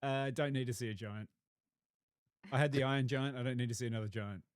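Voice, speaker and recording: A man's voice: mid-range voice, steady tone, quick pace, clean tone, no echo, clean studio sound. A man co-hosting a podcast in casual banter, dismissing things with blunt one-word verdicts. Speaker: podcast co-host.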